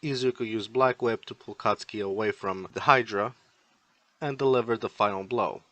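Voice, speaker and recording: A man's voice: on the low side, moderate pace, a bit bright, no echo. A man reading a fan fiction story aloud, plainly narrating and repeating "he would say" before each line.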